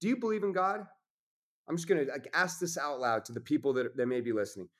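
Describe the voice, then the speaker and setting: A man's voice: a little high, fast, fairly bright tone. A man talking as a podcast guest in casual conversation, intense and preachy, swearing freely.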